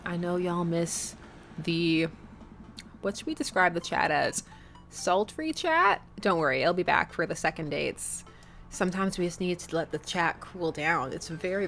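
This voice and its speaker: A woman's voice: on the low side, fairly bright tone, a little hiss or hum. A woman chatting and joking as she plays a dating game, reading narration aloud. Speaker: streamer. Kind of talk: let's play commentary and reading game text.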